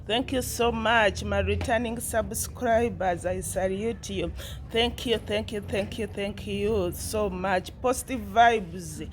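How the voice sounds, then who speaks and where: A woman's voice: mid-range voice, fairly even intonation, slow, a little hiss or hum. A woman vlogging casually, rambling and repeating herself, with a teasing, mocking tone. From Uganda. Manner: rambling and repetitive, with many restarts. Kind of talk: casual commentary to camera.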